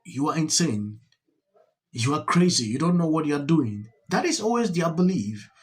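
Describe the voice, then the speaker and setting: A man hosting a political commentary channel, speaking in a slow, deliberate, reflective way. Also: on the high side.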